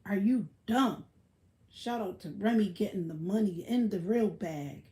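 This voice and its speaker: A woman's voice: mid-range voice, measured pace, warm tone. A woman hosting a livestream, ranting casually in a blunt, profane, boastful way. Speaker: livestream host.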